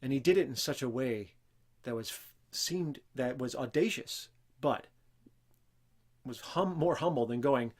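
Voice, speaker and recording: With a medium-pitched, breathy-edged voice and a measured pace, a man leads a Christian teaching show. His unscripted talk is earnest and emphatic, and he raises his voice to quote scripture.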